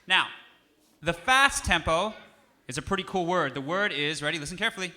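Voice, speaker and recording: A man's voice: on the high side, lively intonation, brisk, pushed and bright. A man teaching music to a young audience on stage, playful and coaxing, drawing the children in. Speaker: music educator. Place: concert stage.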